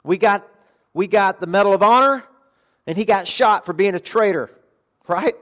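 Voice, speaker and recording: Earnest preacher, soft to emphatic. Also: male voice, high voice, normal speed. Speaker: pastor. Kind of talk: sermon.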